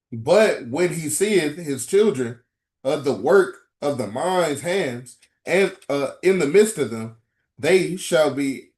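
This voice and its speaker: A man reading scripture verses aloud in a religious class, slow and careful, with small stumbles. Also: mid-range voice, darkish tone.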